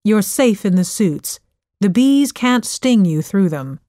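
Woman reading a firm helpful soldier, clear orders, slow delivery, dry sound. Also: mid-range voice, expressive, dark tone, no room sound. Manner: firm, instructive. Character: brisk, helpful male army soldier.

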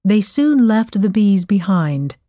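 A woman narrating an audiobook story in a clear, measured voice. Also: medium pitch, very animated, warm tone, no echo, clean studio sound.

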